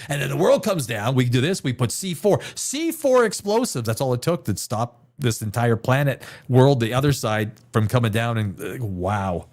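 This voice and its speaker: A man's voice: mid-range voice, sing-song, fairly quick, hardly any pauses, darkish tone. A man hosting a live stream show, chatting casually at his desk, rambling and sarcastic, swearing now and then and mocking others in put-on voices. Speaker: podcast host. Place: home room, sitting at a desk chair.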